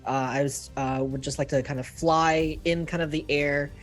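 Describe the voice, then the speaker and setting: A man's voice: fairly high pitch, steady tone, moderate pace, faint music behind. A man playing a tabletop game, easygoing as he describes spells and adds up damage aloud. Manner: easygoing, talks through dice math aloud. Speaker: player.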